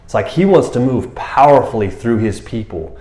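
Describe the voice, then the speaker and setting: A man giving a casual, animated sermon, talking to the listeners like friends. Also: mid-range voice, normal speed. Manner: animated, casual, keeps saying "man" and "you know". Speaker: preacher. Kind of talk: conversational sermon. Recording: roomy echo.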